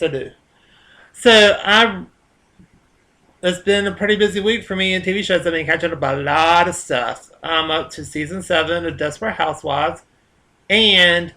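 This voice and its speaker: A man's voice: a little high, pushed and bright. A man with a Southern US accent, rambling casually in a vlog monologue, chatty and full of fillers and restarts. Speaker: vlogger.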